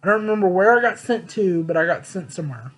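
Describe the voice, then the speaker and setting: High-voiced young man, blunt and candid. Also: expressive, quick pace, a bit bright, low-quality recording. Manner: blunt, profane, emphatic. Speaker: vlogger. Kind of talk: candid personal storytelling.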